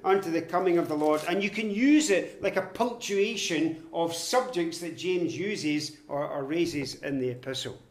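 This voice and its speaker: A man with a notably high voice teaches from Scripture in a measured, emphatic way. He slows down and presses on the quoted verses to stress them. The sound is roomy and echoing. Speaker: preacher. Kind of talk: expository Bible teaching.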